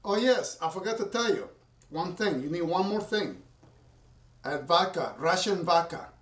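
A man with a high, fairly bright voice and lively intonation speaks at a moderate pace while fixing a drink at home. It's a casual cooking vlog where this home cocktail maker rambles to viewers, recorded roomy and distant from the mic.

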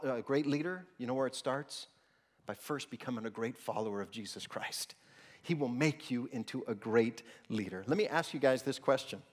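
A man preaching a sermon to his congregation. He asks rhetorical questions, has them repeat lines back, and jumps his pitch when voicing quoted people. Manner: acts out quoted voices with sudden jumps in pitch. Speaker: pastor. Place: church hall. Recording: long reverb of a church hall.

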